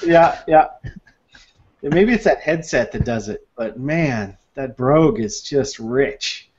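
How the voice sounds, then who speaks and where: A man's voice: medium pitch, animated, takes it slowly, darkish tone. Chatty man on a dull video call. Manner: chatty, playful, trails into restarts and laughs. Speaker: video hangout co-host. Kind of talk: casual online hangout chat.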